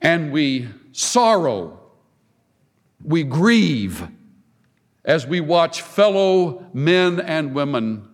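A man preaching a sermon with emphatic delivery, dramatic pauses and heavy repetition. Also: on the high side. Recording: long hall reverb.

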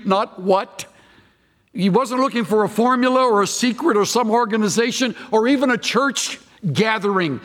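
High-voiced preacher in a reverberant hall. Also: male voice, fairly bright tone. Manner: earnest expository preaching, slows for emphasis. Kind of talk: sermon.

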